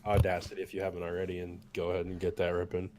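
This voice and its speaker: Deep-voiced guy with a cold, hoarse and raspy, gm doing a laid-back recap with lots of ums. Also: completely flat delivery, very fast, noisy background. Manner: easygoing, many filler ums. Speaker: game master. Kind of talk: recapping a tabletop game session.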